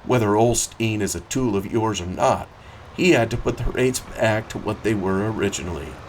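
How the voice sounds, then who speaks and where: A man's voice: fairly low pitch, normal speed, slight background noise, lightly acted. A man reading aloud, voicing an angry, outspoken man who argues heatedly about railroad rates. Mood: indignant. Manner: heated, emphatic.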